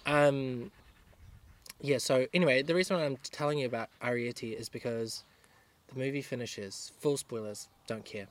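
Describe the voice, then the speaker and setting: A young man chats loosely with a co-host, his voice sitting at an ordinary middle pitch. He rambles through stories and leans on lots of fillers. It sounds like an easygoing outdoor podcast. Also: normal speed, a little hiss or hum. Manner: rambling storyteller, many fillers. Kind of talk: casual chat. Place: outdoors in a garden.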